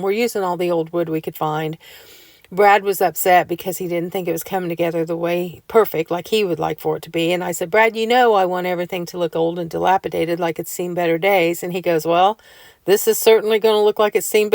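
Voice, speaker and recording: Brief: homey vlogger woman, lowish voice, dry close sound, chatty storyteller. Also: a little mellow, no echo. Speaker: home decor vlogger. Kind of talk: casual chat to viewers.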